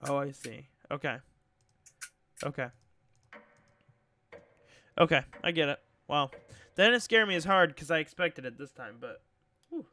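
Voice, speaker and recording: Man, gaming streamer, high voice, slow drawn-out talk, jumpy, pleads with game characters. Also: animated, pushed and bright. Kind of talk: live game playthrough, reading on-screen text aloud and reacting.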